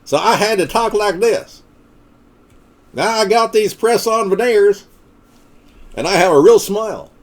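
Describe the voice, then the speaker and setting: A man's voice: sits high, measured pace, long pauses, voice pushed up. A man putting on a toothless Appalachian hillbilly with an Appalachian accent and a gummy mumble, hamming it up for the folks. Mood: hammy. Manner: folksy, hammy, addressing folks.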